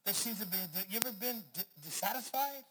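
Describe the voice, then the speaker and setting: A middle-aged male pastor preaching with energy, calling for amens and rising to shouts. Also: high voice, expressive, fast talker, noisy background. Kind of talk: sermon.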